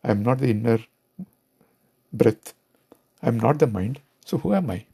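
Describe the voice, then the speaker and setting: Man, Indian English accent, reflective spiritual talk, dark mellow tone, gravelly. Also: mid-range voice, lively intonation, measured pace. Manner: questioning, rhetorical. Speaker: spiritual teacher.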